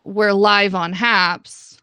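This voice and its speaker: Gravelly-voiced chatty woman. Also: mid-range voice, fairly even intonation, very slow, bright, forceful tone, no room sound. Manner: chatty, hedging, laughs often. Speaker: co-host guest. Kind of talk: casual chat.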